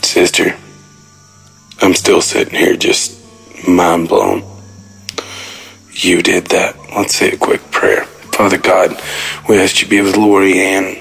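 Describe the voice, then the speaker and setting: A man's voice: low-pitched, completely flat delivery, takes it slowly, vocal fry, pauses often, fairly bright tone, husky, faint music behind, poor audio. A man calling in to pray aloud, solemn and emphatic. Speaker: caller. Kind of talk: spoken prayer.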